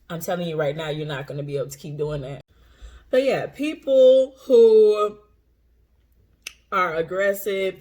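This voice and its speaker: An intuitive coach talking casually to camera, blunt and profane, repeating phrases for emphasis and laughing often. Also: medium pitch. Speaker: intuitive coach and tarot reader. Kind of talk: casual unscripted monologue to camera.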